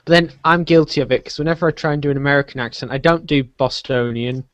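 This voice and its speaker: British man, co-host, quick, self-mocking, lo-fi line. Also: on the high side, no room sound. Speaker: podcast co-host. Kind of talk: casual podcast chat. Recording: dull lo-fi call line with faint hiss.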